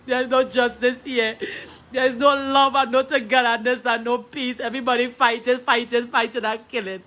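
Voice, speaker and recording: A woman's voice: fairly high pitch, level tone, normal speed, few pauses, a bit bright. A grieving woman with a Trinidadian accent, crying and pleading over and over in a distraught street appeal. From Trinidad and Tobago. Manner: pleading, repetitive, breaking between laughter and tears. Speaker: grieving sister.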